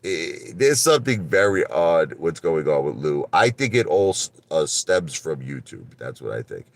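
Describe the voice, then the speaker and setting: A man hosting a livestream, ranting in a combative, animated way and repeating his points. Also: a bass voice, normal speed, gravelly, no room sound. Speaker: livestream host.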